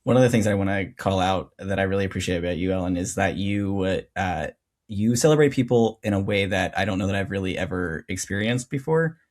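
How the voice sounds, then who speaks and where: A man's voice: sits low, brisk. A man hosting a podcast, speaking reflectively and searching for words in casual conversation. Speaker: podcast host.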